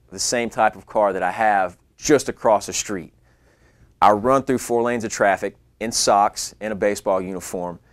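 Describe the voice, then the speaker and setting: A young man, an actor, telling a fast, animated story about himself in a casual way. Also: lowish voice, no room sound, clean studio sound. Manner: animated, acts out his own lines in a rising voice. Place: California.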